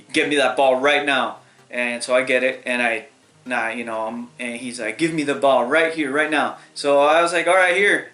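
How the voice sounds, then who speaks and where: A young man telling a story about his school days in a casual, rambling way, acting out the voices of the people in it. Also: fairly high pitch. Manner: rambling, animated retelling with quoted voices. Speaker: vlogger. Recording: echoey room with faint music.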